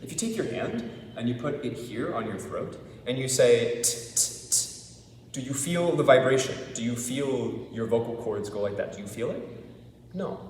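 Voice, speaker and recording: A man's voice: medium pitch, darkish tone, slight background noise. Male pronunciation teacher, patient and demonstrative, voice distant in a roomy hall. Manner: repeats words slowly to demonstrate sounds; checks in often with the class. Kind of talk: classroom lesson. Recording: echoey hall from far off.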